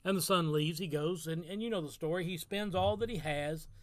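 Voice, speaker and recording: A man's voice: on the high side, a little fast. A man giving a casual devotional talk as pastor, telling a story in an earnest way and repeating phrases for emphasis.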